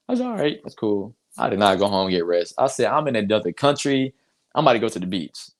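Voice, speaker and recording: Young male guest, lowish voice, animated storyteller who laughs and acts out quotes. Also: fast talker. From North Carolina. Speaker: basketball player guest. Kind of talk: casual storytelling.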